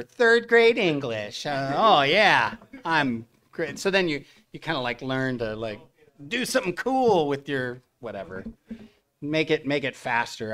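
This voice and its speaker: A middle-aged man, a voice actor, telling stories to a convention audience in an animated way, acting out the other people's lines. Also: mid-range voice. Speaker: voice actor at a fan convention panel. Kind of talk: anecdotal storytelling to a live audience.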